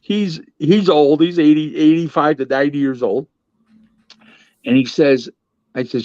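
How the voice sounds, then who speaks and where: A man who works as a boxing advisor, telling a casual anecdote in an animated way and stumbling through restarts. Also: fairly high pitch, a little slow, pauses often, no room sound. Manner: animated storyteller, restarts and acts out other people's voices. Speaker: boxing advisor and interview guest. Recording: dull lo-fi, dry audio.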